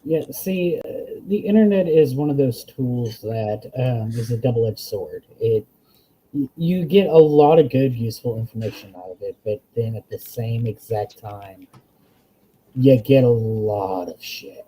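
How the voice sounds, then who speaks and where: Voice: mid-range voice, unhurried, mellow, breathy edge, low-quality recording. A speaker in a casual group chat, talking in a mock-serious, sarcastic way.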